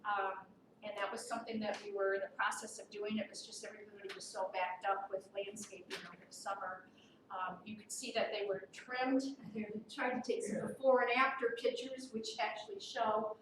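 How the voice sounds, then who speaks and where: A woman's voice: mid-range voice, flat delivery, brisk. Firm woman board member, far and echoey. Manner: firm, businesslike, with many ums. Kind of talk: reporting at a board meeting. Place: meeting room. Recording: echoey room from far off, with noise.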